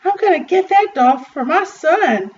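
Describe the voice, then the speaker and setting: A woman's voice: very high-pitched, lively intonation, unhurried, far from the mic, dull audio, slight background noise, pitched above the performer's own voice. A woman voicing an eager man shopping for a toy in a storybook reading.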